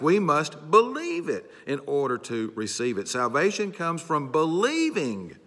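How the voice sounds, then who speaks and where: A pastor preaching earnestly and circling back to his key phrases. His mid-pitched voice is bright and forceful. It rings in the long reverb of a church sanctuary. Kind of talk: sermon.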